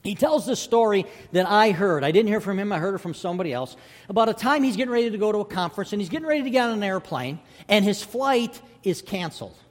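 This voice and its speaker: A male pastor preaching a sermon, telling a story with animated swings from loud to hushed. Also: sits high, fast, long reverb tail.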